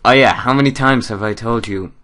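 A man voicing a stern father who is a mad doctor, reading game dialogue in a low, quiet, soothing way. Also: brisk, lightly acted.

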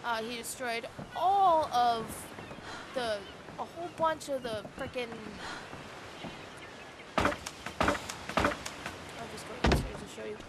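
A woman's voice: on the high side, animated, slow pace, pauses often. A young woman giving casual, annoyed gameplay commentary, ranting and swearing freely. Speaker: gaming YouTuber. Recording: loud background noise.

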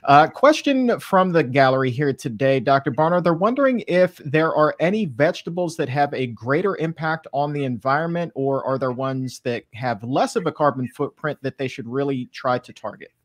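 A man's voice: a little high, animated, normal speed, hardly any pauses, no echo. Upbeat male host with a dry sound. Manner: upbeat, chatty. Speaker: show host. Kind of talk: live show hosting and reading questions.

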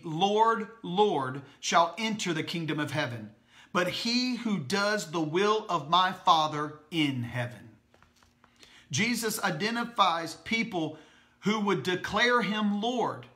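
A man's voice: fairly high pitch, sharp tone. A male pastor reading a Christian book aloud to his congregation, stopping to repeat lines and ask the listeners questions. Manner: slow, deliberate reading with asides to listeners.

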